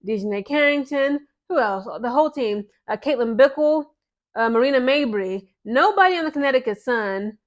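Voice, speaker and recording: A woman's voice: high voice, animated, normal speed. A woman hosting her own channel, giving casual, chatty commentary to the camera and often checking in with her viewers. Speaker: channel host.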